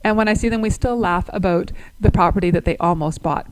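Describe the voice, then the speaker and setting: A woman's voice: lowish voice, fairly quick, slight background noise, low-quality recording. A woman presenting a webinar as a real estate agent. She is upbeat, explains through examples and asks her listeners questions.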